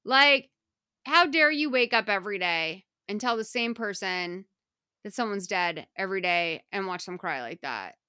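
A woman hosts a podcast and chats through a movie plot, acting out the characters' lines as she goes. Her voice is bright and crisp, and the sound is close and dry. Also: mid-range voice, moderate pace, no echo. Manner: animated retelling, acting out characters' lines, many "like" fillers. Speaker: podcast host. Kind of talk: casual film recap chat.

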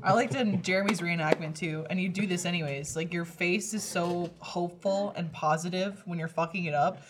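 A man's voice: high-pitched, fairly even intonation, normal speed, noisy background. A man on a group podcast chatting in an upbeat way and laughing often. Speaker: podcast regular. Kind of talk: casual group chat.

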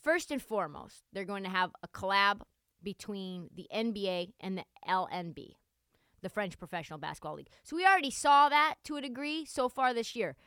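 A young woman hosting a solo sports podcast, talking in a sarcastic, animated, joking way. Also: medium pitch, a little fast, smooth, no room sound, clean studio sound. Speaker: podcast host.

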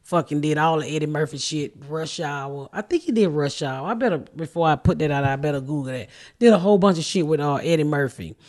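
A woman's voice: low-pitched, brisk, a little mellow. Middle-aged woman, podcast host, swears a lot, blunt storyteller, laughs often. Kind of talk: casual storytelling chat.

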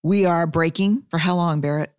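Low-voiced woman podcast host. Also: normal speed, no echo, clean studio sound. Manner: casual and candid, stretches out reflective phrases. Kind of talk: conversational podcast hosting.

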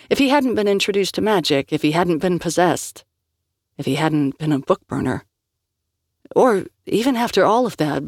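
A woman's voice: on the low side, no room sound. Woman narrating an audiobook, dry. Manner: measured storytelling.

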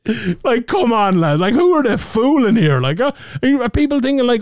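A man with a fairly high voice co-hosts a casual podcast. He rants with energy and swears often. His voice is recorded close and dry. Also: a little fast, few pauses, dry recording. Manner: animated, ranting, swears freely. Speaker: podcast co-host.

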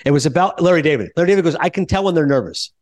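Animated fast-talking male podcast host. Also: fairly high pitch, dry recording. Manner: animated, quick, retells anecdotes with mimicked quotes and laughs. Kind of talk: casual storytelling chat.

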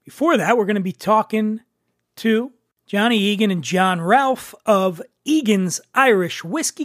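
A man's voice: high voice, measured pace, no room sound, studio quality. A man hosting a podcast in a casual, jokey, teasing way. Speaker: podcast host.

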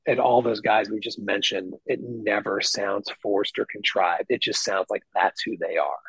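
A middle-aged man, a guest guitarist, telling stories in casual podcast chat with lots of swearing and animated emphasis. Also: fairly low pitch, moderate pace, husky, no echo, rough recording. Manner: profane, animated storyteller. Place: lives in Nashville.

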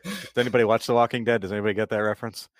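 A man hosting a casual podcast, animated and quick with laughing asides. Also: lowish voice, no room sound, studio quality. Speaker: podcast host. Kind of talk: casual chat.

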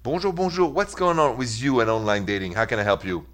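Man, french accent, middle-aged, radio advice host, lively and chatty, mid pitch. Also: fast talker. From France.

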